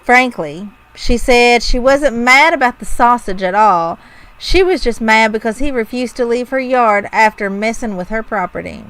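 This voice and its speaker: A woman's voice: on the high side, moderate pace, a bit bright, low-quality recording. A woman co-hosting a podcast in casual chat, wry and self-deprecating as she retells odd news stories. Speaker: podcast co-host.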